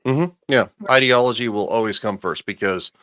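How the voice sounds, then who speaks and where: A man's voice: on the low side, normal speed, pushed and bright, no echo, clean studio sound. A man hosting a casual podcast chat, rambling and ranting with frequent restarts. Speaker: podcast host.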